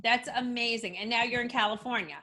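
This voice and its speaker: A woman's voice: a little high, brisk, crowd noise. A woman hosting a podcast, reacting effusively and chatting casually with her guest. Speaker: podcast host. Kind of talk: casual interview chat.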